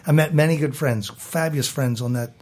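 A middle-aged American man from Baltimore, telling a lively story as an interview guest and acting out the people he quotes. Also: fairly high pitch, brisk. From South Baltimore, USA. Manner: animated storyteller who acts out quoted voices.

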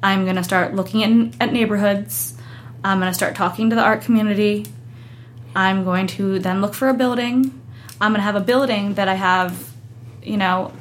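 A young adult woman chatting as an interview guest, animated, acting out quoted voices as she tells her story. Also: mid-range voice, slight background noise. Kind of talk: casual interview chat.

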